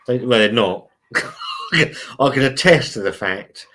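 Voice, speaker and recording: A man's voice: mid-range voice, measured pace, a bit bright, a little hiss or hum. A man hosting a casual live stream from home, reading out chat messages in a chatty, blunt, sweary way and calling everyone mate.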